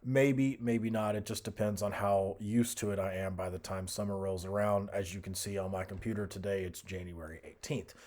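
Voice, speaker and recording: A young man casually talking through a music software tutorial, thinking aloud with fillers and restarts. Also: lowish voice, level tone, normal speed, hardly any pauses. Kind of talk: screen-recorded software tutorial.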